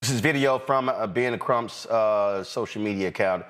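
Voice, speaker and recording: Male news show host with a somewhat low voice; steady, deliberate reads with plenty of "uh"s. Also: clear, resonant tone. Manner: deliberate, frequent "uh" fillers. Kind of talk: news commentary and show sign-off.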